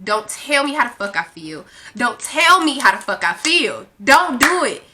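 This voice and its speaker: A young woman vlogger telling a storytime rant in a brash, profane, animated way. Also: a little high, normal speed, background noise.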